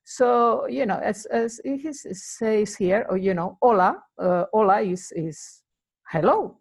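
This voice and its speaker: A woman's voice: medium pitch, a little slow. Chatty woman teaching greetings. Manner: chatty and rambling, many fillers. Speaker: Spanish teacher. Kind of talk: casual spoken lesson.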